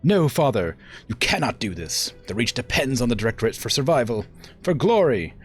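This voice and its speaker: A man's voice: medium pitch, very animated, normal speed, soft background music, pitched above the performer's own voice, close to an everyday voice. A man reading a proud, ruthless young woman mech warrior aloud from a game in an English accent, defiant and clipped. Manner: fierce, defiant, clipped threats.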